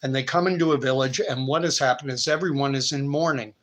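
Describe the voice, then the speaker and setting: A Canadian man in his fifties, hosting and retelling a parable in a relaxed, conversational way. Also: medium pitch, quick pace, poor audio. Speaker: host. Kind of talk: storytelling commentary.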